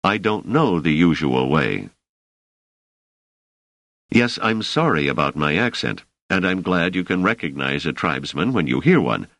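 A wry, impatient scholarly man from an audiobook, as a deep-voiced male narrator plays him. The voice is very low but moves a lot in pitch, with dry irony and little patience. The recording is close and dead dry. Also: sing-song, measured pace, a bit bright, dry recording, heavily acted. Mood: exasperated. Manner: dryly ironic, exasperated.

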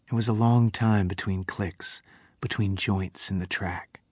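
A man reading a novel aloud in a measured way, sometimes dropping to a whisper. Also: fairly low pitch, fairly even intonation, slightly rough, dry recording. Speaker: audiobook narrator. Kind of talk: scripted narration of a novel.

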